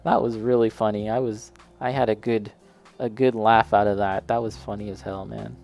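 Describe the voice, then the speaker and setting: A man's voice: on the low side, level tone, moderate pace, gravelly, darkish tone. A man chatting casually while building a model kit, talking straight to a friend and laughing often.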